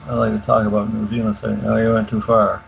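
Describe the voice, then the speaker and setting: An older man explaining in detail as a radio guest, halting with many fillers and restarts. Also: fairly low pitch, monotone, creaky. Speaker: guest expert. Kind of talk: casual explanation on a call-in radio show. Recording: dull lo-fi call audio with faint hiss.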